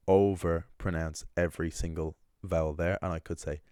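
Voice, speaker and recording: An Irish man teaching a language lesson in a relaxed, thinking-aloud way, with ums and quick self-corrections. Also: low-pitched, smooth, dry recording, studio quality. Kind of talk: casual explainer lesson.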